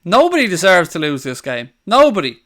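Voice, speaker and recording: A man hosting a live football watchalong, excitable, swearing and shouting over the action. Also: high voice, brisk. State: out of breath. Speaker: watchalong host.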